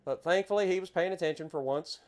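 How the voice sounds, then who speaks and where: A man with an Appalachian accent talks casually through a gameplay stream. His voice sits slightly high for a man, and he is chatty and quick to exclaim over the scenery. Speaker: game streamer.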